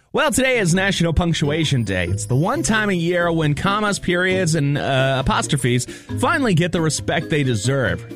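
A man's voice: medium pitch, fairly bright tone. A man hosting a morning radio show with upbeat, jokey banter. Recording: faint music bed.

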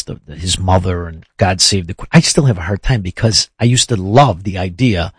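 A man's voice: medium pitch, breathy edge, dry recording. A man hosting an interview, asking long, impassioned, rambling questions. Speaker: interview host. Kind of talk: conversational interview.

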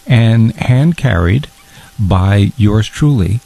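Man as awkward, easily hurt fondue guy; gravelly, stammering, long-winded. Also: lowish voice, animated, takes it slowly, mellow, no room sound, exaggerated voice. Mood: earnest. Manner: earnest and long-winded, keeps restarting. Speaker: guest.

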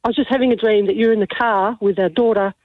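A woman calling in to a radio show, excitedly exclaiming as she tells her story. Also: medium pitch, quick pace, dry recording. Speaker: caller. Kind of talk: phone-in storytelling. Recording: tinny phone line.

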